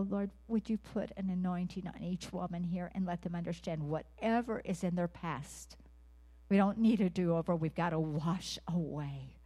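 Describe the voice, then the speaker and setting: Woman preacher, lowish warm voice, asks the room earnest questions, goes hushed sometimes. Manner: earnest, pleading questions to the audience. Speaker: speaker at a women's gathering. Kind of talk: sermon with call and response.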